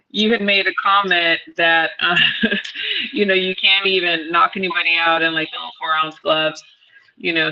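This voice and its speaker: A woman's voice: deep voice, bright, forceful tone. A woman hosting a casual live-stream chat about boxing, chatty, with many fillers and frequent laughs. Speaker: host. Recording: muffled lo-fi stream audio.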